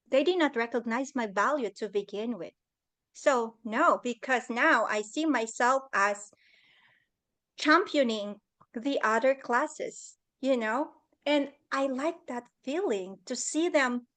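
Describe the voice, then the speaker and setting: High-pitched woman talking slow over a video call, earnest and a bit emotional, middle-aged. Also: fairly bright tone. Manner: earnest, emotional, acts out quoted voices. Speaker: guest speaker. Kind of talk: personal leadership talk. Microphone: computer on a video call.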